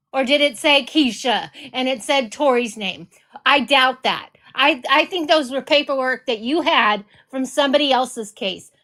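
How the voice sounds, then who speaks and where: Furious high-voiced woman ranting. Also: a bit bright. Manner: furious, swearing, repeating accusations. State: enraged. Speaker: reaction video host. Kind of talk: heated commentary.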